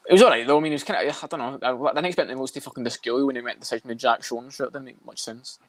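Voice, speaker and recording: Rapid-fire swearing male podcaster. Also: medium pitch, dry recording. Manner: rapid, swears a lot, blunt. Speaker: podcast co-host. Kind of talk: casual chat about fights.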